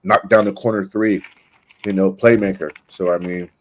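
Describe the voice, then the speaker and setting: Low-voiced man breaking down plays. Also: fairly even intonation. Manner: measured, explanatory, breaks down plays. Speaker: podcast co-host. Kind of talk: casual sports analysis.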